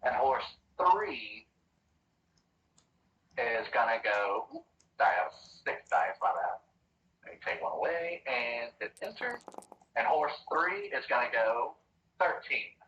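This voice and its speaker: A man's voice: mid-range voice, big pitch swings, slow, long pauses, bright, forceful tone, roomy sound, recorded from a distance, dull audio, a little hiss or hum. A man acting as dungeon master in an online tabletop game, tracking bets and dice rolls aloud with casual asides.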